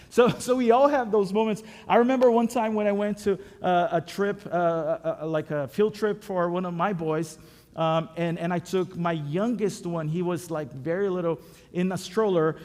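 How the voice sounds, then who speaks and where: A pastor with a high, fairly quick voice delivers a sermon in a church sanctuary, preaching in a conversational, storytelling style with self-deprecating humor. The church hall is echoey.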